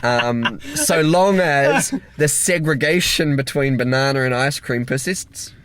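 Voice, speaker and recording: A man's voice: mid-range voice, a little slow, fairly bright tone. A young man co-hosting a casual comedic chat in a car, telling stories with mock-serious jokes. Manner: joking, storytelling, mock-serious. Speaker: podcast co-host. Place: inside a car.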